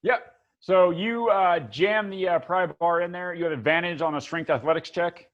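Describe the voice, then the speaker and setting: High-voiced man running a tabletop game. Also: moderate pace, dull audio. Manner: rambling, many fillers and restarts. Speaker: game master.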